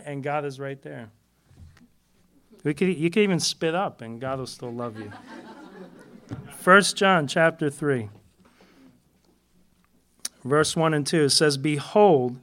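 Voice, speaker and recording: A man's voice: on the high side, a little slow, long pauses, a bit bright. Chatty self-mocking man teaching scripture. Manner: chatty, self-deprecating, laughs often; repeats key words for emphasis. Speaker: fellowship teacher. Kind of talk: informal Bible teaching.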